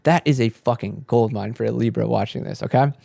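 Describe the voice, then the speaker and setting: Speaking a little fast with some vocal fry, a young man who makes spiritual content tells a casual, meandering spiritual tale. He curses freely and animatedly quotes himself and his buddies. His voice is mid-range, and the audio is dry.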